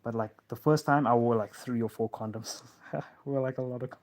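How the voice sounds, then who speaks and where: A man's voice: mid-range voice, fairly even intonation, a little fast. A man hosting a live Q&A stream from a lounge couch, rambling casually with many fillers and calling listeners bro.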